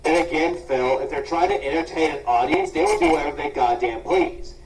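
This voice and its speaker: A man's voice: a little high, a little fast, soft background music. A man doing sarcastic reaction commentary, scolding and mocking with plenty of swearing. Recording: roomy and distant.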